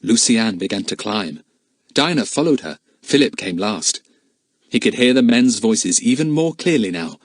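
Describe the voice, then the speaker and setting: A man narrating a children's adventure audiobook in a lively, expressive reading. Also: fairly low pitch, normal speed, no room sound. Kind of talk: storybook narration.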